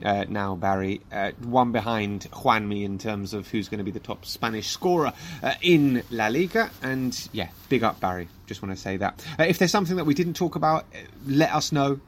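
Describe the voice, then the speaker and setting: A man's voice: medium pitch, slight background noise. A man co-hosting a football podcast, chatting casually and running through results and fixtures. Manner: chatty, lively, runs through results in quick rundowns. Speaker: podcast co-host.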